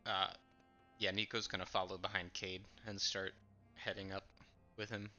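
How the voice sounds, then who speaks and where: A man's voice: sits low, flat delivery, normal speed, sharp tone. A man playing a tabletop game, thinking aloud in a tentative, casual way. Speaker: player. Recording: dull lo-fi with faint music.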